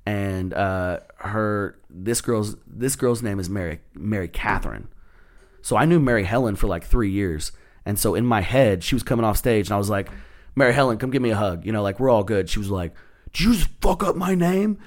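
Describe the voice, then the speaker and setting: A man's voice: fairly low pitch, brisk. Male stand-up comedian guest, casual podcast storyteller, profane and giggly. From Texas. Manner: profane, laughing, animated retelling.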